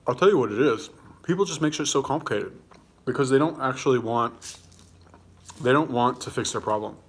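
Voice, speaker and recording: A man's voice: mid-range voice, brisk, husky. Blunt, combative man chatting on a livestream. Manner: blunt, combative, swears casually; talks while eating. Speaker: livestream host answering viewer comments. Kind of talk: casual livestream chat.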